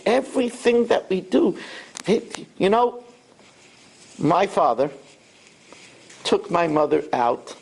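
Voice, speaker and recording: A middle-aged rabbi giving a sermon, telling stories and acting out quotes. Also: male voice, high-pitched, gravelly, slightly rough. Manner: animated storytelling, acts out quotes.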